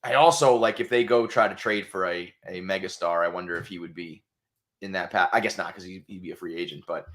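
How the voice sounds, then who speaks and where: A man co-hosting a sports podcast, animated and swearing freely. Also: deep voice, a little fast. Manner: animated, swears freely, voices quotes loudly. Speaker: podcast co-host. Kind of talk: casual sports chat.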